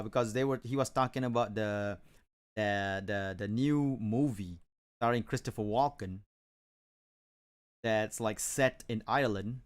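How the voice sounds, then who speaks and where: A man from Malaysia chatting casually on an art stream, rambling with many restarts. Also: medium pitch. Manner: rambling, many restarts and fillers, chuckles often.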